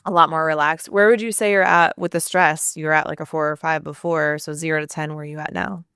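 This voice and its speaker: A woman coach calmly guiding a tapping exercise with encouraging instructions. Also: sits low, quick pace, clear, resonant tone, dry recording, studio quality. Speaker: subconscious transformation coach.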